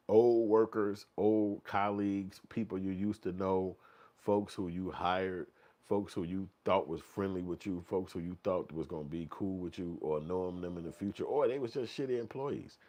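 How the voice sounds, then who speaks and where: A man hosting a commentary channel, talking casually in a vivid, profane, second-person storytelling style. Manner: acts out quoted voices, sometimes yelling high. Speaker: channel host commenting on news.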